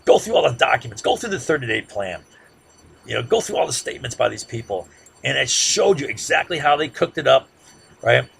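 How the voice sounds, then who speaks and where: A man giving a classroom lecture in a conversational way, often checking in with "right?" and growing loud and heated as he makes his points. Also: mid-range voice, big pitch swings, brisk, gravelly, husky. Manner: conversational, peppers sentences with "right?"; gets loud and heated when making a point.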